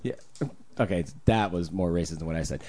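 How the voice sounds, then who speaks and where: A man co-hosting a casual podcast chat, an animated storyteller who swears freely. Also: low-pitched, a little fast, a crowd in the background. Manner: animated storyteller, swears freely, jumps into loud put-on voices. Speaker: podcast co-host.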